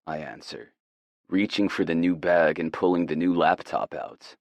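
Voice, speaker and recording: A man narrating a romance audiobook in the first person, with a measured, unhurried reading. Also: low voice, little pitch movement, no room sound.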